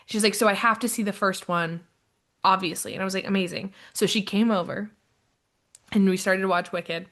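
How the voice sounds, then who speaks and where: A young woman co-hosting a podcast in a casual chat, telling an animated story and acting out her friend's lines. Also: medium pitch, normal speed. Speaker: podcast co-host.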